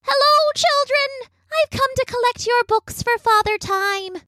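A woman voicing a tiny, cheerful female fairy in a high, airy, sing-song voice. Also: unhurried, bright, forceful tone, full character voice.

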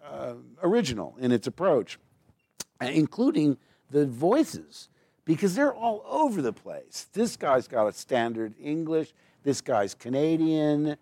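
A man's voice: a little high, big pitch swings, normal speed, mellow, no echo. Rambling man telling stories, dry sound. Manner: rambling, digressive storyteller; slips into mimicked accents. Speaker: guest actor. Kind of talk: live on-stage conversation. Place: stage before a live audience.

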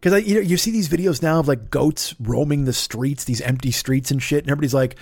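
A man's voice: medium pitch, fast, few pauses, a little mellow, dry recording, studio quality. A man hosting a comedy podcast, ranting in a profane, sarcastic and rambling way. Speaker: podcast host.

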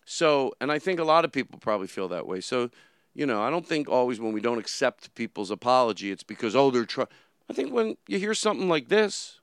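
A man's voice: medium pitch, very animated, brisk, clear, resonant tone, dry recording, studio quality. A man hosting a solo show, talking through his thoughts in a rambling, casual monologue full of restarts. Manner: rambling, with many restarts and fillers.

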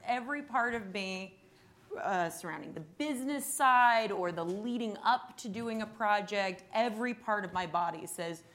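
Female panelist, candid and self-deprecating, quick to laugh. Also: medium pitch, fairly bright tone. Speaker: actress panelist.

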